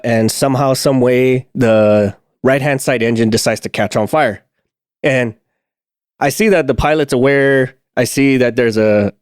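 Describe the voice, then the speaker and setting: A man's voice: mid-range voice, darkish tone, smooth, dry recording, clean studio sound. A man co-hosting a casual podcast, telling a maintenance war story with lots of fillers and restarts and frequent laughs. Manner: rambling, many fillers and restarts, laughs often. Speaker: podcast co-host, aircraft maintenance technician.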